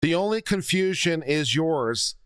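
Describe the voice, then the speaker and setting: A man's voice: fairly high pitch, lively intonation, a little slow, fairly bright tone, a little hiss or hum. A man commenting on a legal deposition video in a blunt, exasperated, lecturing way.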